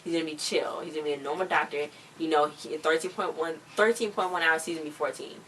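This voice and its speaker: A woman's voice: deep voice, fairly even intonation, fast talker, fairly bright tone, distant mic, slight background noise. A woman recapping a TV episode in a casual, slangy, chatty way, often acting out what characters say. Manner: chatty, slangy, acts out quotes. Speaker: show recap vlogger.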